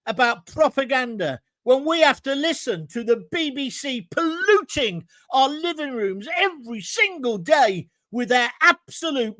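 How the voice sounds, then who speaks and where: A man's voice: very high voice, very animated, moderate pace, few pauses, a bit bright, dry recording, clean studio sound. A middle-aged British man hosts a live opinion talk show and reads out viewer comments in a combative, ranting manner. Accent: British English. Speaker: host.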